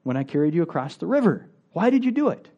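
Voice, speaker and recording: Fretful talking turtle, put on by a male preacher, high and hurried, mellow tone, lo-fi sound. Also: big pitch swings. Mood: pleading. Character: anxious talking turtle, cautious and pleading.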